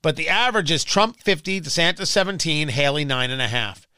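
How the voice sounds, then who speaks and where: Radio host guy ranting emphatic and sarcastic, bright tense tone, dry close sound. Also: fairly high pitch, brisk, smooth, no room sound. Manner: emphatic and sarcastic, mocking voices in asides. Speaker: radio talk show host. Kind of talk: political talk radio commentary.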